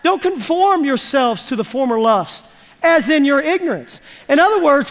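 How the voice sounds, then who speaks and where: A man's voice: very high-pitched, very animated, moderate pace, fairly bright tone. A man preaching a sermon to his congregation, emphatic and folksy, drawing responses from the listeners. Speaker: pastor. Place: church sanctuary. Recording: long reverb of a large church hall.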